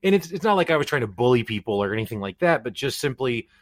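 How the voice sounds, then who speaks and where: A man's voice: medium pitch, big pitch swings, fast talker, dry recording. A man hosting a podcast, reflective and thinking aloud as he talks with his guest. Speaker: podcast host. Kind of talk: conversational interview.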